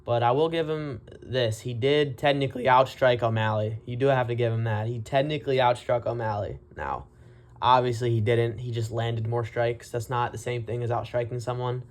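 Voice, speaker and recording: A man's voice: medium pitch, steady tone, normal speed. A man giving casual, profane commentary on a fight, blunt and mocking as he rants. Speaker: MMA commentary vlogger.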